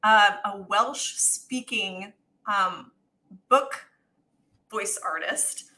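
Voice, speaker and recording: A woman's voice: mid-range voice, very slow, pushed and bright, low-quality recording. A middle-aged woman co-hosting a podcast, chatting casually about writing and laughing often. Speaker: podcast co-host, author. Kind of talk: casual chat.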